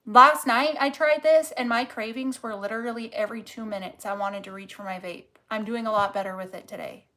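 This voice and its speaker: A woman with a slightly high voice reading tarot cards in a casual, off-the-cuff way. She is blunt and swears freely, talking straight to the viewer. She drives her points home by repeating them. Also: fairly even intonation, fairly quick, pushed and bright. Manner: candid and profane, talks straight to the viewer; emphatic and repetitive when making a point. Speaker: tarot reader.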